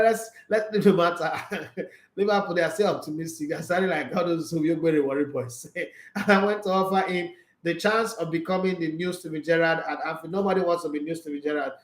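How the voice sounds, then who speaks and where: This is a Nigerian man whose voice sits a little high, speaking at a moderate pace with some room echo. He reads out football transfer news in a casual way, offering opinions, dropping joking pidgin asides and laughing a lot.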